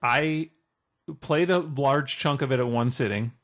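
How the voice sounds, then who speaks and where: A man's voice: medium pitch, a little slow, fairly bright tone. A man co-hosting a gaming podcast in casual chat, teasing and playful. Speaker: podcast co-host.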